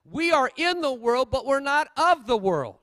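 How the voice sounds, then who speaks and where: A male pastor preaching a sermon, swinging between loud exhortation and quiet asides. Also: very high-pitched, big pitch swings, moderate pace, no room sound.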